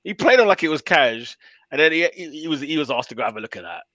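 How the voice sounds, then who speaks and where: Animated high-voiced man laughing loudly. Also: quick pace, no echo, dull audio. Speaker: podcast co-host. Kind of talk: casual football chat.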